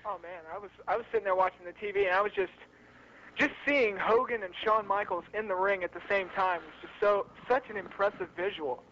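A man's voice: sits high, fairly quick. A man chiming in on a podcast in casual chat, eager and enthusiastic. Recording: dull lo-fi sound with faint noise.

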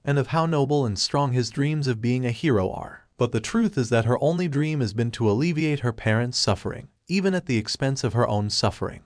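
A man narrating a fan fiction story in a steady, even storytelling manner. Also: mid-range voice, no echo, clean studio sound.

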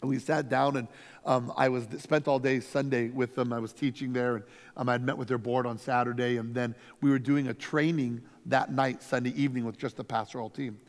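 A man's voice: mid-range voice, fairly quick. Reverberant, storytelling male pastor. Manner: storytelling, energetic, emphatic. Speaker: lead pastor. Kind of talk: conference workshop teaching. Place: conference workshop room. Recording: long reverb from a hall.

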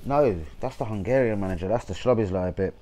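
A man's voice: fairly low pitch, a little fast, warm tone, low-quality recording. A young man, rambling casually about football, swearing a lot and losing his train of thought. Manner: rambling, swearing, forgetful asides. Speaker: football fan vlogger.

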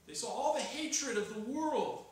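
A man's voice: extremely high pitch, animated, unhurried. A man preaching a sermon as pastor, earnest and building to urgent emphasis, recorded in a church sanctuary. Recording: echoey hall, voice from far off.

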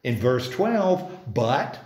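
A man's voice: mid-range voice, sing-song, extremely slow, a little mellow, echoey room. A man leading a church Bible study, talking casually and quizzing the group, with frequent restarts. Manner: conversational, many restarts, asks the group questions. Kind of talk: informal Bible study class. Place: church meeting room.

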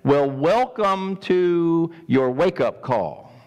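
A man's voice: fairly high pitch, lively intonation, extremely slow, darkish tone, highs cut off. Emphatic male pastor in a hall. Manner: emphatic, repeats words, asks questions of the congregation. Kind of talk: sermon.

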